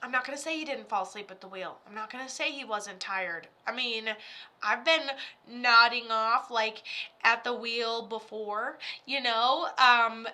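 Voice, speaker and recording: A woman with a high, bright, sharp voice gives a live psychic reading. She rambles and chats in loose, slangy sentences and breaks into laughter often. Her delivery is informal and animated. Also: unhurried. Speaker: psychic medium.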